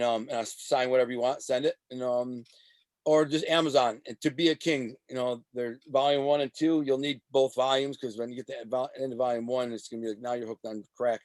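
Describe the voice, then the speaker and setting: A middle-aged man, an author and radio host, telling stories as an interview guest in a tough, animated way with many restarts. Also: mid-range voice, no room sound. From Detroit. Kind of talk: casual storytelling interview.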